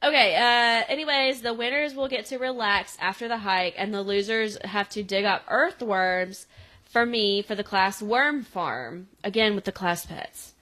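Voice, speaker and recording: A woman's voice: medium pitch, unhurried, bright, forceful tone. A young adult woman co-hosting a podcast, retelling a show episode in casual chat and laughing often as she acts out the lines. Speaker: podcast co-host. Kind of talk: casual recap chat, acting out quotes.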